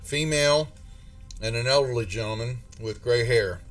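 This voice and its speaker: A man's voice: mid-range voice, normal speed, a bit bright. A man narrating a tabletop game as game master, rambling with many restarts. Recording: distant mic with faint music.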